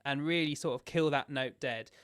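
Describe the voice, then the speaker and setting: A man's voice: medium pitch, moderate pace, smooth, dry recording, studio quality. A man leading a choir sectional rehearsal as music director. He explains the parts step by step and counts in the beats.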